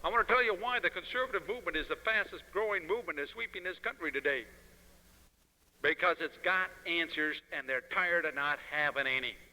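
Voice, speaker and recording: A man's voice: fairly high pitch, a little fast, pushed and bright. A man giving an impassioned political lecture, telling stories in an emphatic, preachy way, heard on an old 1971 lecture recording. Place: lecture hall. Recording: 1971 lecture recording with long hall reverb.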